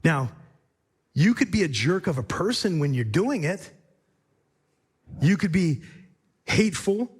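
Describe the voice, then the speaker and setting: Male pastor, sermon delivery, higher register, measured and emphatic with rhetorical repeats.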